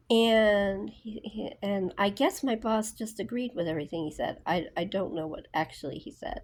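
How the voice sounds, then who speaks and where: A woman's voice: mid-range voice, moderate pace, hardly any pauses. A woman telling a personal story in a casual book vlog, rambling with lots of fillers and restarts. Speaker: book vlogger.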